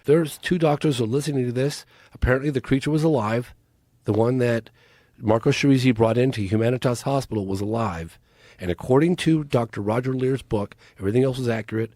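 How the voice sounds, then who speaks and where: A man's voice: mid-range voice, fairly quick, mellow, no room sound, clean studio sound. A man, a documentary filmmaker, talking as a podcast guest in an earnest, urgent way and pressing his case. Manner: earnest, urgent, pleading appeals. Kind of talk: casual interview talk.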